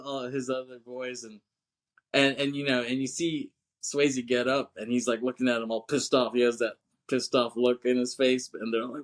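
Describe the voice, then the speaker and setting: A man co-hosting a podcast, casually recapping a film scene by scene, rambling with lots of fillers, laughing often and acting out quotes in a louder, higher voice. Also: level tone, moderate pace. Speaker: podcast co-host. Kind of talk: casual movie recap chat.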